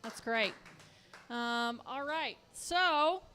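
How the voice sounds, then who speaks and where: A woman hosting a comedy club show, introducing the next comedian on stage with upbeat, brisk patter. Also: on the high side, noisy background. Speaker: host.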